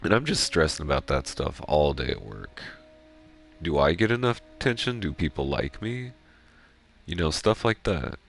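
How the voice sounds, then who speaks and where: Rambling gamer guy with an extremely low, gravelly voice, swears a lot, casual stream talk. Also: big pitch swings, moderate pace, faint music behind. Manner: rambling, swears freely, self-reflective. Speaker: gaming streamer. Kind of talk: casual chat while playing.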